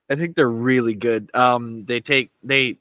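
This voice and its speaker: A man's voice: medium pitch, fairly even intonation, slow pace, a bit bright, dry recording. A man on a casual podcast, answering hesitantly with many fillers and laughs. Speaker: podcast co-host.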